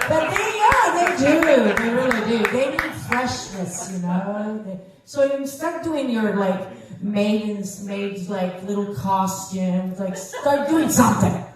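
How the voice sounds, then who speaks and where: A woman's voice: medium pitch, animated, takes it slowly, a crowd in the background. A woman in her fifties from Italy with an Italian accent, performing a brash, profane, self-mocking stand-up comedy set. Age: 50s. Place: comedy club stage. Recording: echoey room from a distance.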